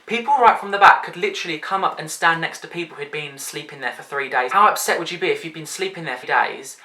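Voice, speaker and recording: Animated British storyteller in an echoey room. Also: medium pitch, fast. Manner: animated, indignant, swears freely. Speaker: vlogger. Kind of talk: storytime vlog.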